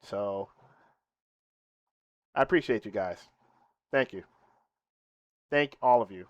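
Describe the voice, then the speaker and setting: A young man streaming casually to his viewers, boasting playfully, laughing, then thanking them softly. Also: on the low side, slow pace, dry recording, dull audio.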